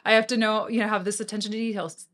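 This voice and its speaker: A young woman co-hosts a podcast in relaxed, friendly conversation. She backs up her partner with steady affirmations and laughs easily. Her voice sits at an ordinary middle pitch. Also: rapid-fire. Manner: supportive, frequent affirmations and laughs. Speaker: podcast co-host. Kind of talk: casual podcast chat.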